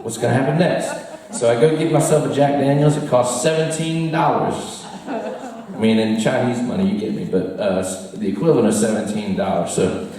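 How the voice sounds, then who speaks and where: An American man with a medium-pitched, dark voice tells a rambling, self-deprecating story to a live bar audience at a moderate pace, often laughing at himself. The recording is distant, with roomy echo.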